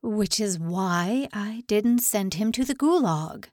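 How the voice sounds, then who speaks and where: A woman's voice: medium pitch, lively intonation, takes it slowly, a little mellow, no room sound, studio quality. A cold, curt general, as a woman reads him. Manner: curt, dismissive, unmoved. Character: stern, cold male North Korean general.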